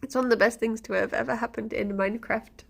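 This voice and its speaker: A woman's voice: on the high side, steady tone, quick pace, vocal fry, breathy edge. A woman streamer chatting casually on a live stream, rambling and often breaking into laughter.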